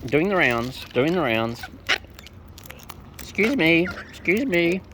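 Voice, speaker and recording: Aussie woman talking slow and sing-song to wild birds, noisy outdoor phone audio. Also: big pitch swings. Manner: playful sing-song coaxing, squeaky high hellos. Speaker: vlogger feeding wild birds. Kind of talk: casual chat to birds. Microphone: phone camera.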